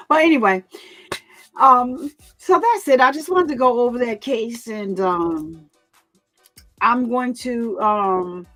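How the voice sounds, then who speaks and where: A woman hosting her own channel, speaking casually to her viewers in an animated way, repeating phrases and laughing often. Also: fairly high pitch, slow, pauses often, faint music behind. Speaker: commentary channel host.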